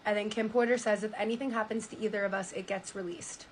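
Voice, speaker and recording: A woman's voice: medium pitch, fast, slight background noise, low-quality recording. Woman streamer reading a story aloud. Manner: animated, reads quotes with stunned asides.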